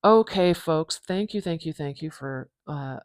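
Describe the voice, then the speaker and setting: A pronunciation teacher with a North American accent, giving an informal phonetics lesson, thinking aloud and repeating words slowly and deliberately. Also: medium pitch, no room sound.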